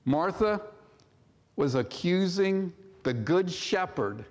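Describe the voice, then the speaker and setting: A male pastor preaching a sermon in a church, measured and full of rhetorical questions. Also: sits high, lively intonation. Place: church sanctuary. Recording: long hall reverb.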